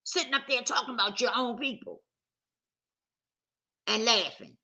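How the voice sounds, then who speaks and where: A woman's voice: fairly high pitch, lively intonation, normal speed, creaky, pushed and bright, muffled recording. A woman vlogger talking straight to camera in a casual, emphatic rant, circling back to the same points with heat. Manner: emphatic, repetitive, heated.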